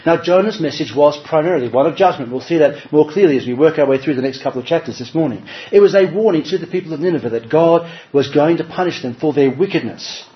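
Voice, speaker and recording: A man's voice: fairly high pitch, expressive, fast, hardly any pauses. Earnest male preacher asking rhetorical questions. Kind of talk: sermon. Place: church service. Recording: slightly dull recording with faint background hum.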